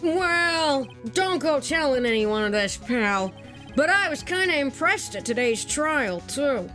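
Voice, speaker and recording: A woman's voice: high voice, expressive, takes it slowly, bright, forceful tone, faint music behind, exaggerated voice. A woman voicing a friendly male police detective, reading video game dialogue aloud in a chummy, casual way.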